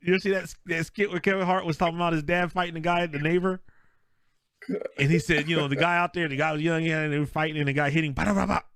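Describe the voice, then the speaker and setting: A man's voice: fairly high pitch, quick pace, no room sound, clean studio sound. A man co-hosting a podcast in casual sports chat, telling stories with lots of laughter and acting out what people said. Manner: animated storyteller, laughs often, acts out quotes. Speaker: podcast co-host.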